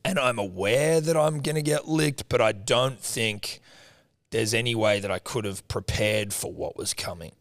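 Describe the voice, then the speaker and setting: A man's voice: medium pitch, moderate pace, no echo, clean studio sound. A young man retelling a story in a casual podcast chat, laid-back and swearing often. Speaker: podcast co-host.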